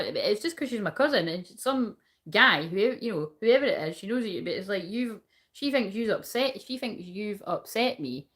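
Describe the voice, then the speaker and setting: A woman's voice: mid-range voice, animated, moderate pace, a bit bright. A woman giving a casual tarot reading, rambling, swearing freely and laughing often. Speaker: tarot reader.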